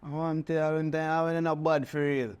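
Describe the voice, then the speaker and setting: Jamaican guy on a chat panel, voice a bit high, chats in patois, says yeah man a lot. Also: flat delivery, brisk, darkish tone, smooth. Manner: loose patois talk, affirming others. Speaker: panel guest.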